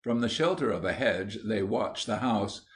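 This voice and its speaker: A man reading a children's audiobook aloud in a steady, measured narration. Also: on the low side. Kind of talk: scripted storybook narration.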